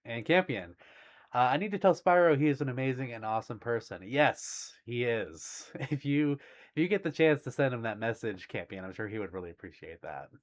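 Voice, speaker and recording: Male streamer, casual chat reading viewer messages, laughs a lot, lively pitch. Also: brisk. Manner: giggly, bashful, laughs often between remarks. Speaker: livestream host.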